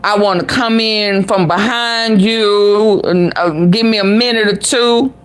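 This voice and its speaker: A woman's voice: mid-range voice, fairly even intonation, unhurried, clear, resonant tone. A woman vlogger giving reaction commentary, sassy and exclamatory, talking back at the clip she plays.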